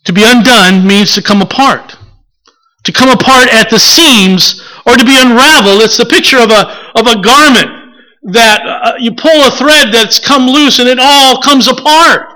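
A male preacher with a high voice works through a sermon at an unhurried pace, reflective and steady. His tone is bright and forward, and he often stops to put rhetorical questions to the congregation. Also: low-quality recording.

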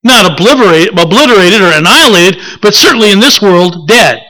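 A man preaching a sermon in a reflective, unhurried way, pausing to ask the listeners rhetorical questions. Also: high voice, lively intonation, pushed and bright, poor audio.

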